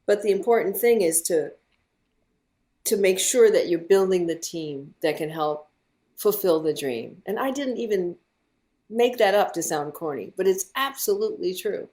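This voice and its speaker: A woman filmmaker, a guest on a podcast, talking in a relaxed, animated way and laughing often. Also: fairly low pitch, measured pace. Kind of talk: casual interview chat.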